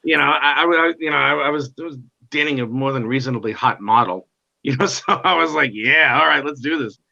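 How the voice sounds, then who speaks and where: A middle-aged man telling his life story in a casual interview, animated and acting out the voices of others. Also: medium pitch, brisk, vocal fry. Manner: animated, acts out quoted dialogue. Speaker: guest comic artist. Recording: dull lo-fi sound.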